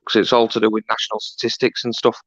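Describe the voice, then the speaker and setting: A man's voice: lowish voice, completely flat delivery, quick pace, no echo. A man chatting as a guest on a live stream, hesitant and full of "uh" and "um" fillers. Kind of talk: casual chat. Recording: dry, muffled lo-fi audio.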